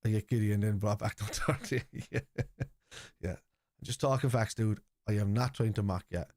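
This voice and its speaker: Male streamer host, low dark voice, dry sound, blunt sweary football banter. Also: normal speed, no echo. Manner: blunt and opinionated, sweary, repeats points. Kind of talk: casual live commentary and chat.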